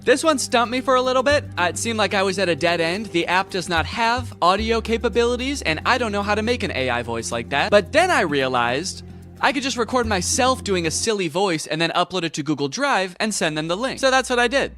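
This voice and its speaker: Bright wry young male narrator. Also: high voice, very animated, a little fast, faint music behind. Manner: wry, storytelling. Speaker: comedy YouTuber. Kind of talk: comedic voice-over narration.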